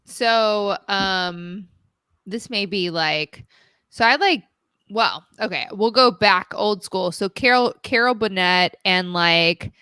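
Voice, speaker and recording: A woman co-hosting a podcast, chatting casually in a hesitant, halting way. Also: medium pitch, pushed and bright, smooth, dry recording. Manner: hesitant, halting, many restarts. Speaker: podcast co-host.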